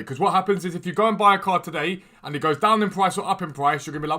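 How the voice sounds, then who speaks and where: A man hosting a gaming livestream, chatting quickly and enthusiastically as he trades and answers questions from chat. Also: sits high, pushed and bright. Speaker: gaming streamer and video host. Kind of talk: casual livestream chat while trading in a football game. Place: room at home with a door.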